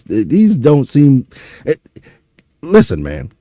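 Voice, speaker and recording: A man's voice: mid-range voice, sing-song, takes it slowly, long pauses, mellow, no echo, studio quality. A young man from Louisiana with a Louisiana accent, exasperated and profane, ranting through a reaction stream. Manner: exasperated, profane, rhetorical questions.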